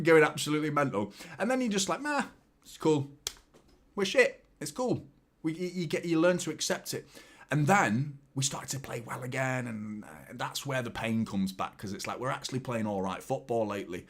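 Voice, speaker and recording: Excitable, swearing football fan. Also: male voice, lowish voice. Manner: swearing, excitable, rambling with repeated words. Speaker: football watchalong host. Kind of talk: live match watchalong commentary.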